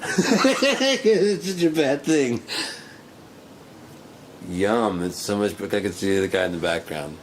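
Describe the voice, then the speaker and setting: Giggly, slow-talking man riffing on a clip. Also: on the low side, animated, a little hiss or hum. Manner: giggly, rambling, swears often. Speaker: video reaction host. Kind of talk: casual reaction commentary.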